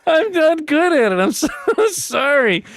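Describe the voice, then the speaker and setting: High-pitched man, rambling storyteller, laughs at himself, dry close sound. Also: big pitch swings, measured pace, a bit bright, no room sound. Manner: rambling, laughs often, self-deprecating. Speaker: podcast host. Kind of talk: casual comedic storytelling.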